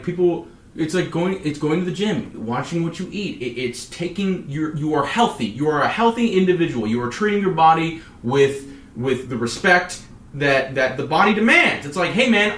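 A man co-hosting a casual podcast chat, animated and repetitive, often acting out his own inner voice. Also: fairly high pitch, reverberant. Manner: animated, acts out inner voices, repeats phrases. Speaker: podcast co-host.

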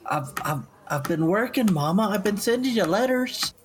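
A man's voice: high-pitched, animated, moderate pace, voice pushed up. A man playing a young half-elf adventurer who is embarrassed by his mother's fussing. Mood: sheepish.

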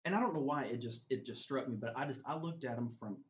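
A man's voice: mid-range voice, quick pace. A man telling a faith story as a guest, earnest and full of "man" fillers. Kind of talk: faith testimony in conversation. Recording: roomy, slightly dull recording.

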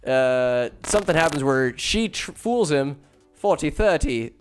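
A man's voice: a little high, expressive, measured pace, faint music behind. A man casually retelling a movie plot, rambling and joking with profane, slangy asides. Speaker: film recapper.

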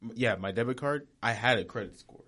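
A man's voice: mid-range voice, a little fast, bright, forceful tone. A young man in casual podcast chat, speaking hesitantly and tentatively.

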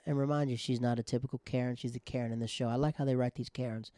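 A man's voice: mid-range voice, little pitch movement, quick pace, a little mellow, dry recording, studio quality. A man casually recapping a TV episode in loose slang, joking about the writers as he goes. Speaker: TV show recapper.

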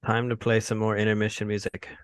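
A man's voice: lowish voice, completely flat delivery, quick pace, smooth. A man co-hosting a casual podcast, chatting in a self-deprecating, laughing way. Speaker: podcast co-host. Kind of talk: casual chat.

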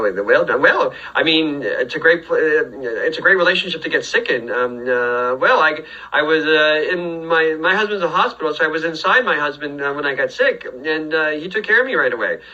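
A man's voice: a little high, expressive, normal speed, few pauses, bright, forceful tone, dull audio. An older man rambling through a jokey, self-deprecating birthday message, full of fillers and restarts. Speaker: comedian recording a birthday video message. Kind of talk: rambling comic monologue.

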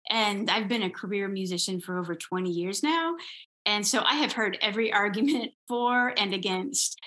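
A woman's voice: mid-range voice, normal speed, sharp tone. A woman, a composer and musician, talking earnestly as an interview guest and explaining her views with examples. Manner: earnest, explains with examples, occasional light laughs. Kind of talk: conversational interview.

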